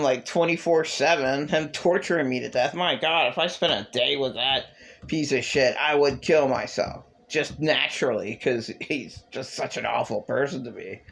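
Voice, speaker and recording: A man delivering a rambling, agitated religious monologue to camera, bitter and ranting, with sudden leaps in pitch. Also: gravelly, fairly bright tone. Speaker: vlogger.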